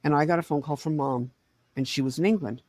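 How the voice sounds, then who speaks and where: A middle-aged woman co-hosting a podcast, telling a family story in casual chat, swinging between quiet and loud. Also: deep voice, fast, no echo, clean studio sound. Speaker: podcast co-host.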